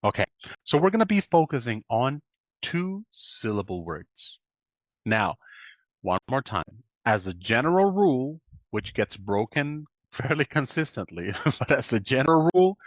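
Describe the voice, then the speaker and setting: A man's voice: medium pitch, no echo. A man teaching English pronunciation in a one-on-one online lesson. He explains patiently and keeps checking in with "right?". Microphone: video call. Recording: dull lo-fi video call audio.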